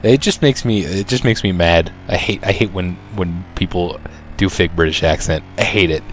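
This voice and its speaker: A man's voice: low-pitched, normal speed, slight background noise. A man co-hosting a game video, laid-back and wry in casual chat.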